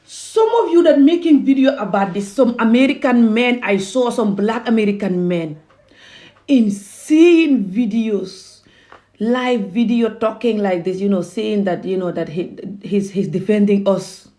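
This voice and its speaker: A woman's voice: medium pitch, measured pace, mellow. Woman ranting heatedly to camera. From Gambia. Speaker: vlogger.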